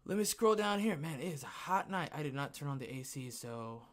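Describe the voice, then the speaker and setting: A man with a somewhat high voice hosts a casual podcast livestream from home, still winded and short of breath. He rambles, talks to himself, and chuckles at his own jokes. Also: expressive, fairly quick. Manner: rambling, self-talking, laughs at himself. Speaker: podcast host.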